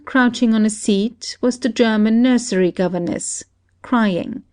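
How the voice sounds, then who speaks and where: A woman as audiobook narrator, reading a classic story in a steady, measured way. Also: fairly high pitch.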